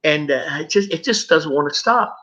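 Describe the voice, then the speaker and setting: A middle-aged man, a guest, telling his personal story with emotion, halting and repeating words as he goes. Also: fairly high pitch, animated, bright, forceful tone. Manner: halting, stumbles and repeats words when moved. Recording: dull lo-fi recording.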